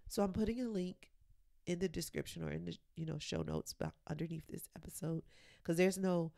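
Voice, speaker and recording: Gravelly, low-voiced woman motivational podcaster. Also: expressive, brisk, mellow, no room sound, clean studio sound. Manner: earnest, encouraging, drops to a whisper for emphasis. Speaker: podcast host and coach.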